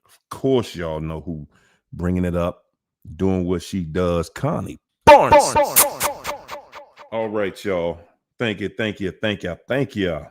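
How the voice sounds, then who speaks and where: A man hosting a livestream Q&A, greeting viewers one by one in a drawn-out hype-man manner with sudden whoops. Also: low-pitched, a little mellow. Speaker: livestream host.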